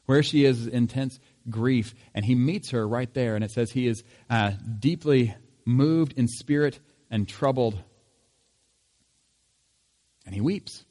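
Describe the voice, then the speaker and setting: A man's voice: medium pitch, unhurried, mellow. A man preaching a sermon in a conversational tone, asking rhetorical questions. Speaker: pastor.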